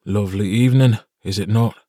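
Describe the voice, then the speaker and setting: A man's voice: on the low side, steady tone, brisk, dark tone, dry recording, lightly acted. Male reader as a charming, teasing Irish stranger in an audiobook, dry studio read.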